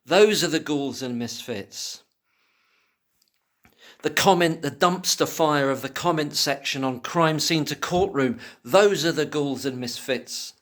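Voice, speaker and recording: A man giving impassioned solo commentary who swears freely and swings from angry ranting to quiet muttering. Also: a little high, unhurried.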